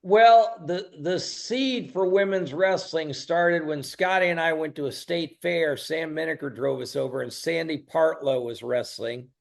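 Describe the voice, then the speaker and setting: An older man in his sixties with a gravelly, creaky voice that sits a bit high. He tells his stories with animated bursts of emphasis, as a guest in an interview. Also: measured pace, hardly any pauses. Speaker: guest, wrestling announcer and promoter. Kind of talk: storytelling interview.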